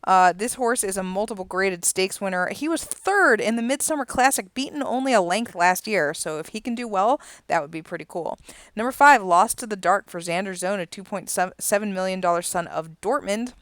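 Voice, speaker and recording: Smooth-voiced woman calling horse races. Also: medium pitch, normal speed, no room sound, studio quality. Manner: rising, excited calling in the stretch, chatty between races. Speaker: race caller and stream host. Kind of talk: live horse race commentary with casual asides.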